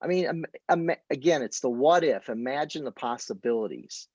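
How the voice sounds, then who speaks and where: A man's voice: mid-range voice, animated, normal speed, a little mellow, breathy edge, no echo, dull audio. A man coaching people on how to present a business opportunity, telling stories and acting out conversations in a casual way. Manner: storytelling, quoting conversations. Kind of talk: casual training talk.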